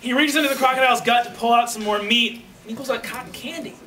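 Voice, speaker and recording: A man moderating a party game, improvising comic narration in an excitable way and laughing through his words, taped indoors by a camcorder across the room. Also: very high-pitched, fast talker, recorded from a distance, poor audio. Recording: loud crowd chatter in room.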